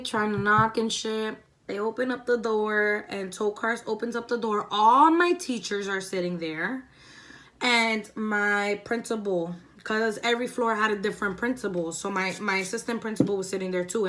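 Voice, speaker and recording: A young woman vlogger telling a profane storytime while doing her makeup, acting out the voices of the people in it. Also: mid-range voice. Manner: animated, profane, acts out quoted voices. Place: indoors at home, doing makeup.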